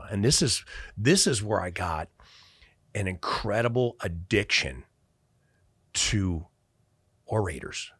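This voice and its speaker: Brief: forceful, lowish-voiced veteran in his forties, swaggering war-story teller, dry close sound. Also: slow, pauses often, husky, no echo. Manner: animated and profane, laughing as he talks. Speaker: podcast guest, military veteran. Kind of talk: casual storytelling.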